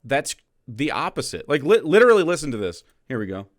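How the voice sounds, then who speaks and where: A man's voice: medium pitch, very animated, fairly quick, dry recording, studio quality. A man commenting scornfully on a clip, profane and mocking. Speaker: political streamer. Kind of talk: reaction commentary.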